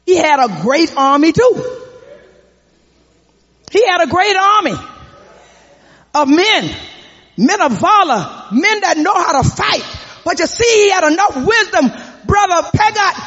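A man preaching a fervent sermon, often shouting and calling out to the congregation for responses. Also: very high-pitched, big pitch swings, a little slow, pauses often. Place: church sanctuary. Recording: echoey hall, dull lo-fi sound.

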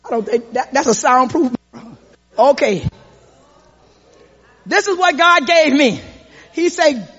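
Very high-voiced man preaching fervently. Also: takes it slowly, pauses often. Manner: fervent preaching, shouted lines, call-and-response with the congregation. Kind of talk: sermon. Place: church sanctuary. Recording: echoey hall, dull lo-fi sound.

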